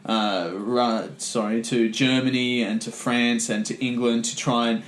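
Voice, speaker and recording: A man's voice: medium pitch, steady tone, a little slow, echoey room, slight background noise, low-quality recording. A man co-hosting a history podcast, explaining events in casual chat. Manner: explanatory, with fillers and restarts. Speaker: podcast co-host.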